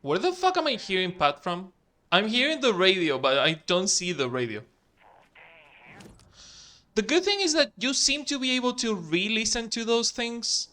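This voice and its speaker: Excitable swearing gaming streamer man. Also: sits high, normal speed. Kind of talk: casual let's-play commentary.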